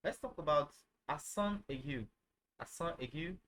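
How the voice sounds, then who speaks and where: A man teaching a casual online lesson, halting, with many fillers, who says each phrase over and over. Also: fairly high pitch, expressive, a bit bright, slight background noise, rough recording. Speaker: language teacher.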